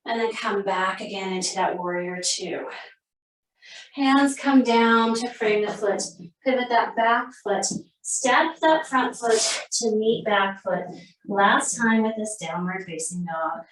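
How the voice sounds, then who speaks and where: A woman guides a yoga flow, calling out poses in a calm, steady voice and now and then sounding a little out of breath. Her voice sits at an ordinary pitch for a woman. The sound is roomy, with the mic set back from her. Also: slow pace, recorded from a distance. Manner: calm, steady cueing, breathing between phrases. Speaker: yoga instructor. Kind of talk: guided yoga class instruction.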